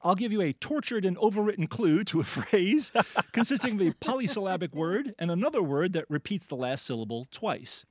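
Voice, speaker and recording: A man runs a playful radio word quiz, his voice bouncing up and down in a lively way as he jokes and laughs. He sits slightly high for a man. The sound is dry and close. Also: brisk, few pauses, dry recording. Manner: animated, jokey, laughs often. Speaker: quiz host.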